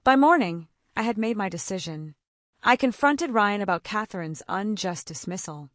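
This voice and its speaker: A woman narrates a scripted first-person drama with emphatic, dramatic delivery. Her voice sits at an ordinary pitch. The recording is dry and close, with no room sound. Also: lively intonation, normal speed, dry recording.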